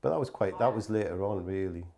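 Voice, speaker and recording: A man's voice: on the low side, fast talker, vocal fry, warm tone. A middle-aged man tells stories in a loose, casual way. He rambles through fillers and restarts, swears freely and slips into acted-out quotes. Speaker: guest telling stories. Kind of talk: casual anecdotal storytelling.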